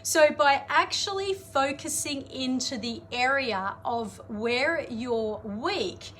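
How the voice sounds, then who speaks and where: A woman, coaching an audience in a chatty, energetic live-streamed motivational talk, greeting viewers and laughing often. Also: high voice, slow pace, slight background noise. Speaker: life coach.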